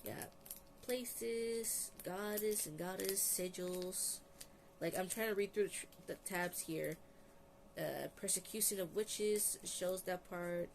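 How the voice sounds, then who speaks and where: A woman's voice: on the low side, takes it slowly, slight background noise. Tired, chatty woman reading out lists. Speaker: vlogger. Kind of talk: casual book review. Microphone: phone.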